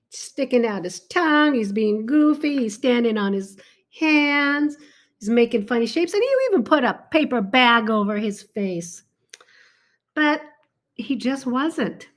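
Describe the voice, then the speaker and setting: A woman reading a picture book aloud to a child, stopping often to point things out and ask him questions in an animated, exclaiming way. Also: high voice. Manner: animated, talks to a child between pages; slow and warm, exclaiming often. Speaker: reader to a child.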